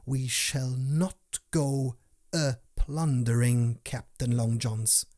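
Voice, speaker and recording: A man's voice: mid-range voice, fairly even intonation, slow pace, darkish tone, lightly acted. A man voicing a proud fairy queen who speaks formally and with command. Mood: stern.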